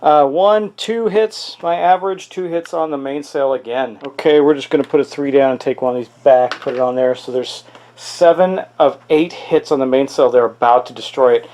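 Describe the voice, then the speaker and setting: A man's voice: medium pitch, normal speed, a little mellow. A man hosting a solo tabletop game playthrough, thinking aloud and exclaiming at dice rolls. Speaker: host playing a tabletop miniatures game.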